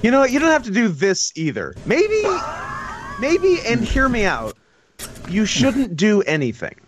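Male co-host, high and very lively, sarcastic, dry sound. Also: moderate pace, noisy background. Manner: laughing, incredulous, sarcastic. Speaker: podcast co-host. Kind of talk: casual comedic commentary.

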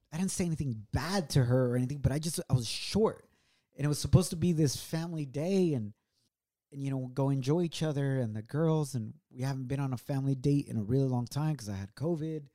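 A man telling a personal story on a couple's podcast, earnest and reflective, his voice rising and dropping with feeling. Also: a little fast. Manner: earnest, reflective, swings from low and quiet to raised. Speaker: podcast co-host.

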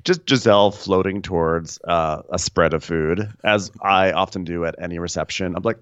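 A man co-hosting a podcast, recapping a reality show in a wry, animated, comedic way. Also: sits low, moderate pace, no echo, lo-fi sound. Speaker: podcast co-host.

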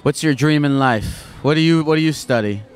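A man interviewing passers-by outdoors on a city street, telling dark jokes with a straight face. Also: fairly high pitch, a little fast. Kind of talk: deadpan comedic street interview.

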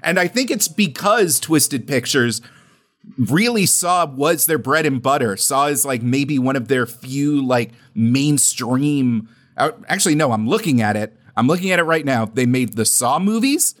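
A man co-hosting a podcast in casual chat, animated, often laughing and acting out quotes. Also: mid-range voice, a little slow. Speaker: podcast co-host.

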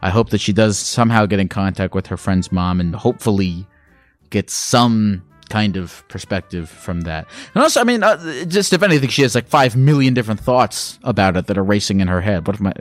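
A man hosting a call-in show in relaxed, slangy chat that wanders as he thinks aloud. His voice sits fairly low and sounds close and dry, with faint music underneath. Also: no echo. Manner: loose, slangy and rambling. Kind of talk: casual advice chat.

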